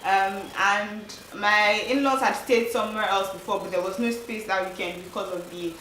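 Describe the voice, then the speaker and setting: A woman's voice: medium pitch, steady tone, normal speed, sharp tone, a little hiss or hum. Young woman chatting to camera about her travels, lots of likes and ums, mic a bit far off in an echoey room. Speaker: travel vlogger. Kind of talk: casual chat to camera. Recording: roomy, distant mic with faint ambience.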